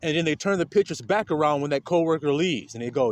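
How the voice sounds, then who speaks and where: Talking fast with hardly any pauses, a man with a fairly high-pitched voice delivers a casual spiritual talk. He's blunt and streetwise, animated, and keeps breaking into laughter as he preaches.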